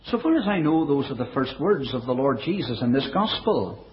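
A man preaching a sermon in a measured way, dropping his voice low and soft for quoted verses. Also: very animated, slight background noise. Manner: measured preaching, quoting scripture in older English. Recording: dull, lo-fi recording.

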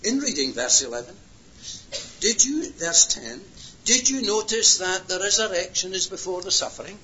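Man preaching a sermon, high bright voice, impassioned, hushed to loud, roomy lo-fi hall recording. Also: animated, moderate pace, slight background noise.

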